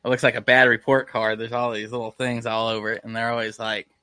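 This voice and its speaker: Bright-voiced joking man on a video call. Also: mid-range voice, completely flat delivery, fast talker. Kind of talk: casual online roundtable chat.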